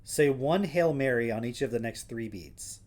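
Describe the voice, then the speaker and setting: Reading passages aloud on his livestream, a man speaks at a moderate pace in a mid-range, darkish voice with lively intonation. He keeps breaking off for wry, sarcastic questions, chatting casually.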